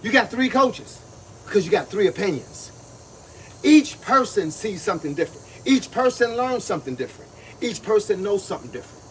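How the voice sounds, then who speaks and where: Man, boxing coach, high voice, preachy and repetitive, livestream, distant mic. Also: big pitch swings, fairly quick, slight background noise. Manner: preachy, repetitive, talks to viewers, grunts while punching a bag.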